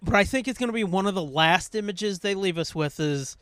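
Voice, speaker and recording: High-voiced profane podcast man. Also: a little fast, fairly bright tone, no room sound. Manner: profane, rambling, reads sponsor list. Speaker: podcast co-host. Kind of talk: casual chat.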